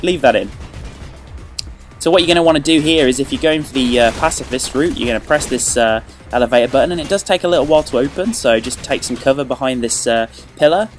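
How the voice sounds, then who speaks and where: A man hosting a video game walkthrough, joking and playful, with sudden excited outbursts. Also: fairly high pitch. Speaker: let's play host.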